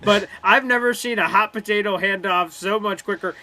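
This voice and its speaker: A man's voice: high-pitched, moderate pace, a crowd in the background. A man co-hosting a live sports watch party, talking casually and jokingly, often swearing and acting out players' voices. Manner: animated, jokey, swearing, acts out players' voices. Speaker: co-host doing live play-by-play.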